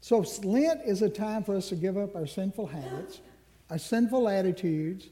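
A man preaching an Ash Wednesday sermon as minister, earnest and slowing down on key phrases. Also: high-pitched, expressive, mellow.

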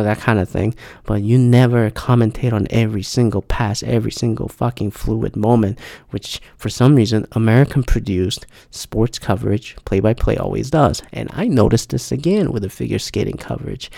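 Gravelly, profane male podcast host. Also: mid-range voice, warm tone, no room sound, studio quality. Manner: profane, exasperated, emphatic. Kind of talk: casual ranting monologue.

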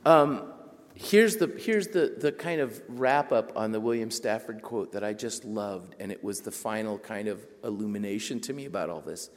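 A man giving a storytelling talk, animated and self-deprecating, jumping up in pitch when he quotes people. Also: normal speed. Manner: animated, jumps to high excited pitch for quoted voices. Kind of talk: storytelling lecture. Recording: long reverb of a hall.

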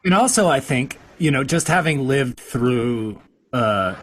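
A man's voice: mid-range voice, expressive, a little slow, a bit bright, slight background noise. A man in his forties, a podcast host, talking casually and rambling in a self-deprecating way, often laughing at himself, on a home studio mic. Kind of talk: casual conversation. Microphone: home studio mic with a makeshift sound booth.

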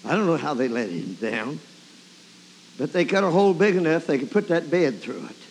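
A man's voice: a little high, sing-song, moderate pace, slight background noise. A man preaching a sermon, telling a story and breaking into emotional praise. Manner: emotional, exclaiming praise often. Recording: long hall reverb.

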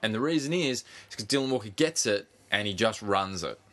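A man co-hosting a casual sports podcast, animated, swearing freely and pushing on through interruptions. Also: fairly low pitch, brisk. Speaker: podcast co-host.

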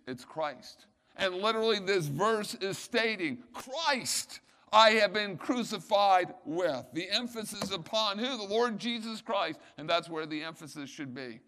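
A man preaching a sermon, teaching Bible verses emphatically, asking rhetorical questions and swelling to loud, stressed points. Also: on the high side. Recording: long hall reverb.

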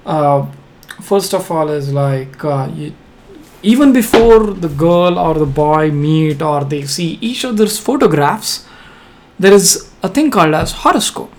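A man's voice: a little high, expressive, a little slow, a little hiss or hum. Earnest young man explaining things. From India. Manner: earnest explaining, repeats words as he starts sentences. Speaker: podcast guest. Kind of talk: casual conversation.

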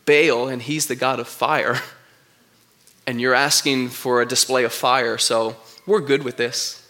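A man's voice: medium pitch, steady tone, unhurried, sharp tone, pitched below the performer's own voice. A man voicing a smug, confident crowd of idol worshippers, as part of a sermon.

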